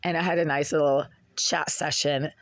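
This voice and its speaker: Hoarse vlogger with a mid-pitched, dry voice, complaining and rambling. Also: steady tone, moderate pace, no echo. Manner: aggrieved, rambling, with throat-clearing. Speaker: tenant making a complaint video. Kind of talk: casual vlog report. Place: cold apartment indoors, bundled under a blanket.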